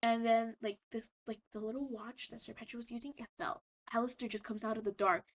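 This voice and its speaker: A woman with a slightly high voice recaps a cartoon in loose, casual talk while tipsy. She giggles, swears freely and keeps losing her place. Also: level tone, brisk. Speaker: video creator.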